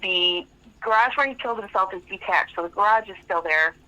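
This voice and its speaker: This woman talks fairly quickly at a medium pitch, phoning in to a radio show to tell a story frankly, rambling with lots of fillers. The phone line is tinny and the background is noisy.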